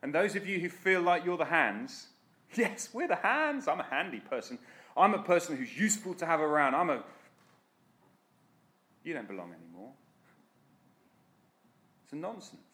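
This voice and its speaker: A man's voice: a little high, sing-song, normal speed, pauses often, bright, forceful tone. A man preaching a sermon in an earnest, direct, exhorting way.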